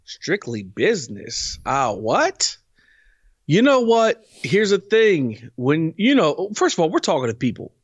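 A man co-hosting a podcast in casual chat, animated and emphatic, often repeating himself. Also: on the high side, measured pace, breathy edge, no room sound, dull audio. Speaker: podcast co-host.

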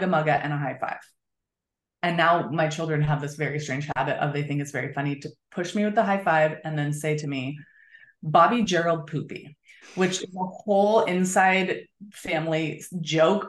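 A woman guest author talking in a conversational interview, explaining earnestly with frequent fillers. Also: deep voice. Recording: roomy echo.

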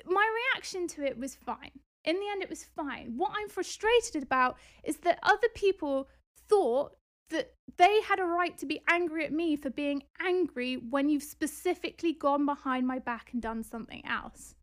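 A woman hosting a podcast, retelling a dispute in a casual, animated, indignant way with exasperated outbursts. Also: high voice, moderate pace. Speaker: podcast host and property investor.

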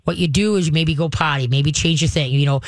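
A woman's voice: deep voice, fast talker, no room sound. A woman hosts a radio call-in show, giving dog-training advice in a casual, chatty way. She laughs often and acts out what the dog might be thinking. Her voice comes through a studio microphone with a dry, close sound.

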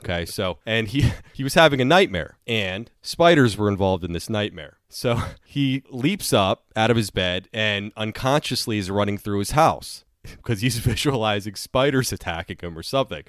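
A man co-hosting a casual podcast chat, telling stories in a relaxed way and chuckling mid-sentence. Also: fairly low pitch, moderate pace, no room sound, clean studio sound. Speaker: podcast co-host.

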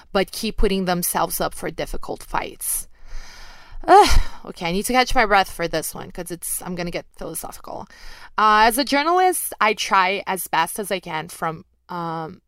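A woman's voice: medium pitch, fairly bright tone, dry recording. Candid woman reading fan questions. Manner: candid, self-deprecating, chatty. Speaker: MMA journalist answering listener questions. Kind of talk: casual chat, reading out questions.

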